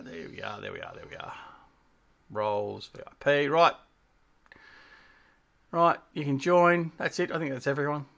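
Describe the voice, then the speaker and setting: Gravelly, mid-range and a bit bright, this man's voice carries his casual gaming livestream, where he plays, thinks out loud, and chats with and teases his guests as host.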